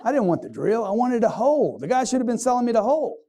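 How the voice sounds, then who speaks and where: Male sales trainer on stage: high, mellow voice, punchy crowd-quizzing delivery. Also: sing-song, fast. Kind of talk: motivational sales seminar talk. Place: stage before a live audience.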